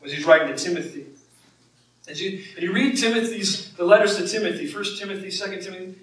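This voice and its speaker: Heard from a distance in an echoey room, this pastor talks fast in a high, somewhat bright voice. His sermon is conversational, lifting whenever he quotes scripture.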